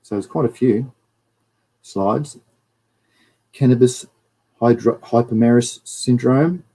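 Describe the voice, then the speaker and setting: A man with an Australian accent hosting a live stream, reading out news and viewer chat in a casual, animated, ranting way. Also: mid-range voice, takes it slowly, husky, poor audio.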